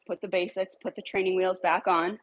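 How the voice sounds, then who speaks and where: A woman's voice: lowish voice, little pitch movement, brisk, dull audio. A woman dog trainer giving a casual walk-through while coaching dogs on a leash, with upbeat coaxing praise. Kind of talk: casual training demo, talking to camera and dogs.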